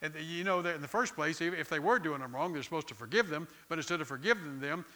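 A middle-aged pastor, preaching in a conversational, storytelling way and often repeating words. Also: male voice, fairly high pitch, expressive, quick pace, pushed and bright. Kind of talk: sermon.

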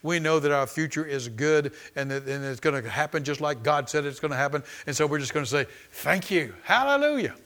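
A man's voice: on the high side, fairly even intonation, fast talker, hardly any pauses, fairly bright tone. A man preaching a charismatic sermon, fervent and exclaiming, often repeating words and restarting. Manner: fervent, exclaiming and laughing in faith.

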